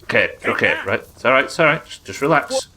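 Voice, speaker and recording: A man streaming a game live, commenting excitably and swearing as he plays. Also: medium pitch, quick pace, noisy background. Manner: excitable, sweary, talking to himself.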